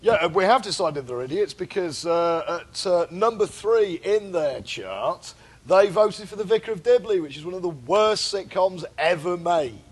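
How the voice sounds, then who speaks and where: A man's voice: high-pitched, lively intonation, normal speed, slightly rough. A man co-hosting a comedy podcast, chatting casually with playful, crude asides. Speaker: podcast co-host.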